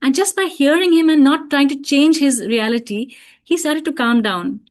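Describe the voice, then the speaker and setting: A middle-aged woman giving an online parenting talk, telling stories in a calm, reflective way with many fillers. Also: high-pitched, normal speed. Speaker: parenting speaker.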